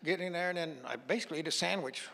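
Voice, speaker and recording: A man's voice: a little high, very fast, vocal fry, pushed and bright. A man preaching as a guest pastor, telling a story in a folksy way and acting out the dialogue. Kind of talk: sermon storytelling. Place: church sanctuary. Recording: long hall reverb.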